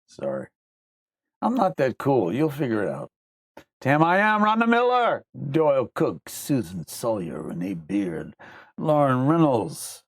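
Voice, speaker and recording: A man's voice: mid-range voice, wildly swooping pitch, unhurried, slightly rough, no room sound, clean studio sound. Rambling man on a livestream. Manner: rambling, conversational, drops into mock voices. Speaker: livestream host. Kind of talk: casual livestream chat, reading viewer comments.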